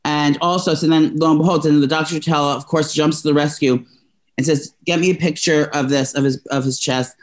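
A man's voice: fairly high pitch, steady tone, fairly quick. A young man in casual chat, telling a personal story in a rambling, emotional way with many restarts. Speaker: podcast co-host telling a story.

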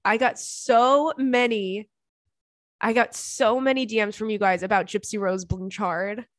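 A young woman hosts a chatty podcast and reads listener emails aloud. Her talk is sassy and full of giggles, at a middling pitch for a woman. The sound is dry and close, with no room echo. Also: steady tone, a little slow. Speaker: podcast host. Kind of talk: casual chat, reading listener emails.

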